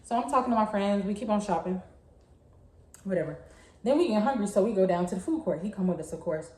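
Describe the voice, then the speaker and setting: A woman's voice: medium pitch, quick pace. Chatty woman telling a story, echoey room. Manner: chatty, animated storytelling with laughs and slang. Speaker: vlogger. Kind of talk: casual storytime.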